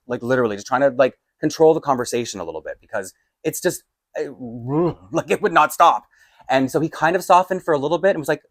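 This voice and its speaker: A man telling a storytime vlog, acting out both sides of a heated argument and getting loud. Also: mid-range voice, expressive, brisk, no echo, clean studio sound. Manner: lots of fillers and restarts, laughs between lines. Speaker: doll collector vlogger. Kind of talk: storytime vlog, animated retelling. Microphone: desk microphone.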